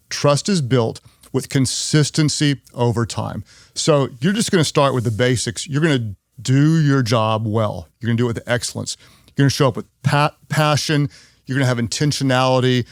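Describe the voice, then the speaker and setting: Earnest male leadership teacher, dry sound. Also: no echo. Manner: earnest, repeats key phrases for emphasis; acts out quoted people in higher voices. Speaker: podcast host.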